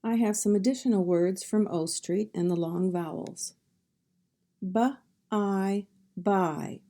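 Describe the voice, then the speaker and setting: A woman's voice: fairly low pitch, moderate pace, warm tone. A woman teaching a phonics lesson, sounding out words one sound at a time and then saying each word whole.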